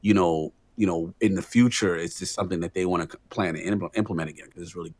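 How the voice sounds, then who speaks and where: This man co-hosts a gaming podcast and chimes in with agreeable, animated riffs. His voice jumps up when something excites him. The recording is dry and close, with no room echo. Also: sits low. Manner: agreeable, animated, quick to laugh. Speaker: podcast co-host. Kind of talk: casual gaming podcast chat.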